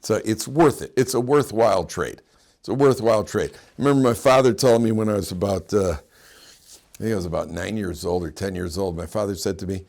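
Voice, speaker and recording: A rabbi lectures on the weekly Torah portion in a fairly low, slightly gravelly voice with vocal fry, speaking at a fairly quick clip. He's an animated storyteller, chuckling through homely anecdotes and sprinkling Hebrew terms into his English, so the lecture comes across as full of humor.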